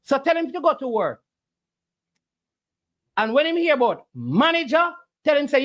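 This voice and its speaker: Lively argumentative streamer. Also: high-pitched, a little slow, long pauses. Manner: argumentative, preachy, rhetorical questions. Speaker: livestream host answering chat. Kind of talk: casual argumentative livestream talk.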